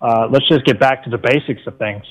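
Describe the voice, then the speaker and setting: A man's voice: mid-range voice, a little fast, low-quality recording. A man calling in to a talk radio show, rambling and frustrated. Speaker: caller.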